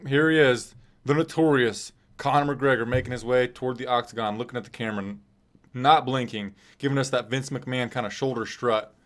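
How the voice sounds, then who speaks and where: A man from Nebraska calls a live fight stream in a relaxed, chatty way. He keeps his tone wry and self-deprecating, with an everyday mid-range voice. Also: mid-range voice. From Nebraska, USA. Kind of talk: casual live reaction commentary.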